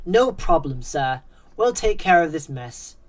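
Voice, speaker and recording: A woman's voice: low-pitched, very animated, a little slow, full character voice. A woman voicing a polite pizzeria employee. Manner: polite, service-friendly.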